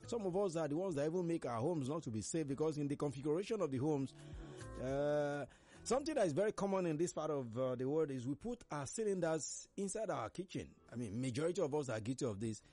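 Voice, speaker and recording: Nigerian man, talk show host, animated pitch, chatty and laughing, faint music under. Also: fast talker. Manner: chatty, laughs while telling stories, mimics others. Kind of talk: casual commentary on current affairs.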